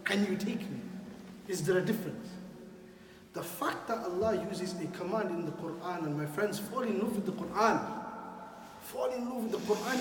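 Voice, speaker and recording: An imam preaching in a mosque hall, his fairly high voice booming with emphasis as he repeats key phrases and questions his listeners. He is heard from a distance, with a long reverb trailing each phrase and faint ambience behind. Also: slight background noise. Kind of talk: sermon. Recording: echoey hall, from far off.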